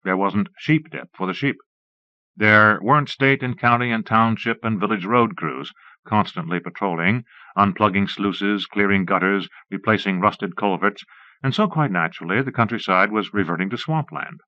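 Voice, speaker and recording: A man narrating an audiobook in a measured first-person storytelling manner, on a dull old cassette recording. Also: fairly low pitch, pushed and bright, dry recording.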